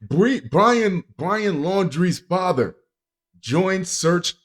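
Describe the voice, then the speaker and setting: A man's voice: high-pitched, expressive, drawn-out words. A man hosting a podcast in casual chat, rambling and joking with frequent chuckles. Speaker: podcast host.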